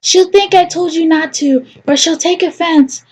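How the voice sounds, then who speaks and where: A woman's voice: very high-pitched, unhurried, a little mellow, voice pushed up. A sickly sweet, smothering mother, voiced by a woman reading a game aloud who coos pet names in a voice lifted well above the reader's own. Her doting tone barely hides the control underneath. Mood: sweetly controlling. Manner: coaxing, calls him baby and pet names.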